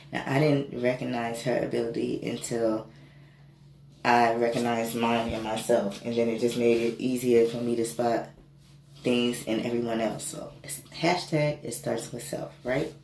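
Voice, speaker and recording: A woman tells a personal story in a casual, animated way and swears freely. She sounds gravelly at times. The room has a noticeable echo. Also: very deep voice. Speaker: spiritual reader and reiki healer. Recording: echoey room with faint noise.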